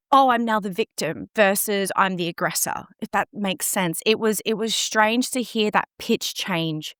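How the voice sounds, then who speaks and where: A woman's voice: medium pitch, a bit bright, no echo, studio quality. A woman guest in an interview, earnestly recounting a distressing personal experience in an emotionally open way.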